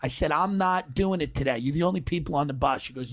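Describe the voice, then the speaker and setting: A man spins a comic story on a podcast in a brash, profane way, full of quick asides. His voice sits somewhat high for a man. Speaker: comedian telling a story.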